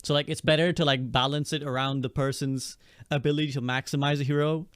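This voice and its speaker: A man hosting a casual podcast chat about a video game, giving his views in a quick, earnest way. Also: fairly high pitch, steady tone, clear, resonant tone, dry recording, clean studio sound. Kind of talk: casual gaming discussion.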